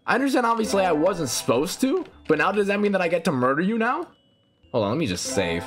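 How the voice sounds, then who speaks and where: A young man commentating a horror game, excitable and swearing, laughing often, yelping when startled, and chatting to the characters on screen. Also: on the high side, brisk, faint music behind. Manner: excitable, swears, jumps to loud startled yelps. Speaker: gaming channel host. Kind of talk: let's play commentary.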